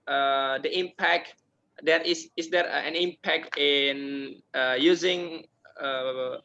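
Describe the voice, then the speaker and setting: A young man from Indonesia, giving a formal thesis defense presentation in a hesitant, halting way full of filler sounds. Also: a little high, creaky, bright, forceful tone. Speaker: university student defending a thesis. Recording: dull lo-fi sound.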